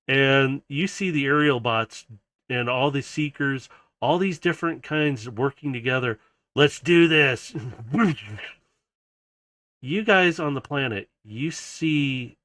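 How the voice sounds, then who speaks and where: A man's voice: medium pitch, fairly bright tone, no echo. A man narrating a tabletop game as game master, loose and chuckling, with fillers.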